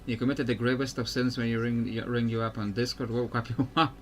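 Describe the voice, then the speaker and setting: A man's voice: medium pitch, little pitch movement, fast. A man streaming a game, rambling through casual commentary and laughing often.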